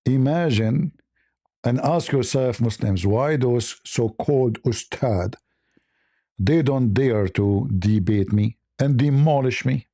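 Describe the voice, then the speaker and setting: A male livestream host with a gravelly, mellow voice. He teases and provokes in casual talk, slowing down to lean on his points. The sound is close and dry. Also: medium pitch, no room sound. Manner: mocking, provocative, drawn-out emphasis.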